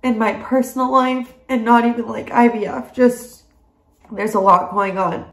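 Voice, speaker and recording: A woman's voice: on the high side, flat delivery, unhurried, creaky, echoey room. A young woman speaking in a personal video diary at home, emotional and crying, laughing through her tears. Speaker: vlogger.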